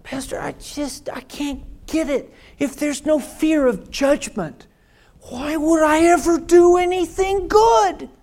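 A preacher voicing an anxious churchgoer who pleads with doubting questions. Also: male voice, very high-pitched, slow pace, a little mellow, voice pushed up, exaggerated voice. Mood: pleading.

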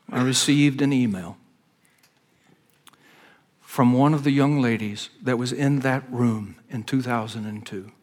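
A man, a pastor preaching a sermon in an earnest, conversational storytelling manner. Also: mid-range voice.

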